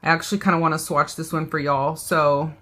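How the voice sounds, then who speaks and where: Woman vlogging a makeup haul live, bright voice, a bit low, says y'all a lot. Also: steady tone, brisk. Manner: chatty, reads viewer comments aloud, says "y'all". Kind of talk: casual live-stream chat.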